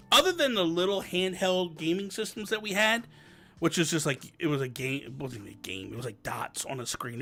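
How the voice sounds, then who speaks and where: A man in his thirties chats on a home live stream, with faint music playing under him. His voice sits a little high and sounds bright and forceful, and he throws himself into the stories, acting out each person's lines. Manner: animated storyteller, acts out family dialogue. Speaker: livestream host answering viewer questions. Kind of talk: casual live-stream chat and storytelling. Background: light background music.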